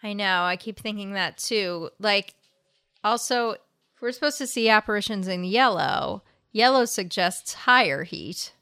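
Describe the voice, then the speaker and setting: Woman co-host, bright, dry close mic, lively storyteller. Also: mid-range voice, a little slow, clean tone, dry recording. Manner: animated storyteller, acts out quotes. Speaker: podcast co-host. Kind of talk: casual chat, retelling a séance.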